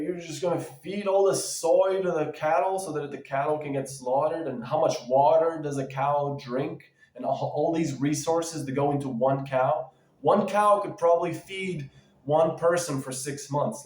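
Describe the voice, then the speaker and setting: A man's voice: fairly high pitch, a little mellow. A man ranting casually in a vlog, rambling and emphatic, with lots of fillers and restarts. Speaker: vlogger. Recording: echoey room.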